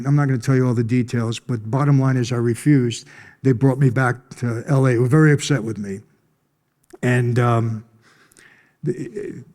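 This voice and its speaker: A man's voice: medium pitch, mellow. A middle-aged man, telling his life story bluntly to a conference audience. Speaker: conference speaker. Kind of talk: storytelling testimony.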